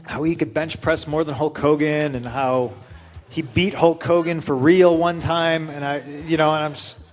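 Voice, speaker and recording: A man casually telling a story in an interview, animated, acting out what people said with a raised voice. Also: fairly high pitch, moderate pace, soft background music. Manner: animated, acts out quotes with raised voice.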